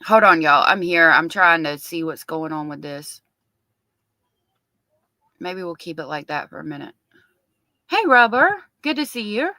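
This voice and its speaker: Woman, middle-aged, chatty livestream host, bright forceful voice, dry close sound. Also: lowish voice, very animated, a little slow, long pauses, dry recording, poor audio. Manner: chatty, reads viewer comments aloud. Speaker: livestream host covering a trial. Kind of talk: casual livestream chat with viewers.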